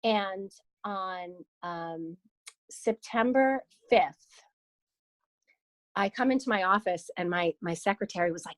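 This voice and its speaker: A lively woman of around fifty tells a story as an interview guest, speaking casually and swearing now and then. Her voice sits at a medium pitch. The sound is dry and close, with no room echo. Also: slow, long pauses. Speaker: guest, founder and CEO of a broker-dealer.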